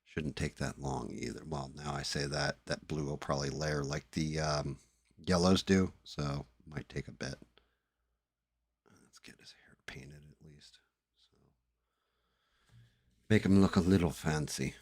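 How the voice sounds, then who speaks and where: Deep-voiced man cursing on a live stream. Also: fairly even intonation, a little slow, a little mellow, no room sound. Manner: profane, mutters to himself while working. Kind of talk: casual chat while painting. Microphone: headset.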